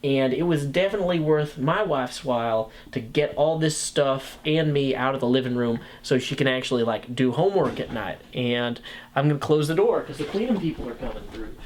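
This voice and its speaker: A man's voice: mid-range voice, brisk. Rambling, joking man narrating gameplay. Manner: rambling, self-deprecating, lots of fillers and jokes; excited, upbeat office tour. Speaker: host. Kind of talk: casual Minecraft gameplay commentary.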